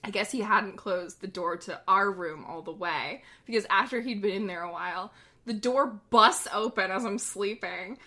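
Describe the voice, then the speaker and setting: Bright giggly young woman podcaster. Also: mid-range voice, moderate pace. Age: young adult. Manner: giggly, rambling storytelling with frequent laughter. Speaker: podcast co-host. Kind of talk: casual chat.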